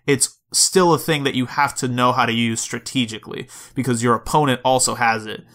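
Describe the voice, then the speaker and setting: A man co-hosting a podcast in casual chat, talking loosely with fillers and quick laughs. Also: medium pitch, fairly even intonation, fairly bright tone. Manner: chatty, laughs easily, lots of fillers. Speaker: podcast co-host.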